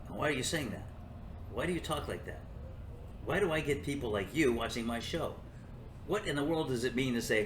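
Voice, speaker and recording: An older man hosts his own show, delivering a sarcastic, rambling opinion monologue that sometimes drifts into talking to himself. His voice is medium-pitched, lively in intonation and brisk. The room echoes, with a little hiss or hum in the background.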